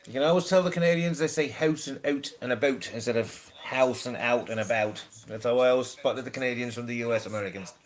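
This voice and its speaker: A British man chats on a live stream, agreeable and hesitant, often stalling with fillers and restarts. His voice sits at an ordinary middle pitch. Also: fast talker, few pauses. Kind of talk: casual chat.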